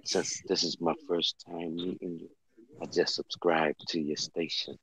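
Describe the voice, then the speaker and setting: A man chatting casually as a livestream guest, loose and excitable, talking off the cuff. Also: low-pitched, unhurried. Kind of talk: casual chat. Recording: dull lo-fi sound.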